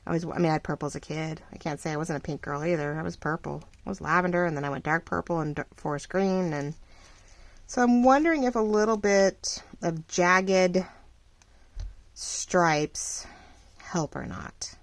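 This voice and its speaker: A middle-aged woman running a small shop, chatting casually and rambling while she crafts, full of fillers and lively ups and downs. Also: lowish voice, normal speed, no room sound. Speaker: craft vlogger and shop owner.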